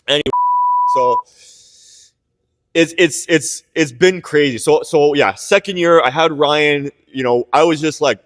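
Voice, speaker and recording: A man's voice: on the high side, a little slow. A young man from Canada telling his business story in casual podcast chat, rambling and candid, full of restarts, filler words and the odd swear. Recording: reverberant room.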